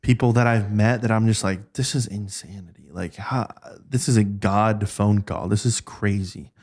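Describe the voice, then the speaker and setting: A podcast guest with a fairly low voice at a moderate pace tells stories from his old job in a casual chat, bringing animation to it by acting out quoted voices.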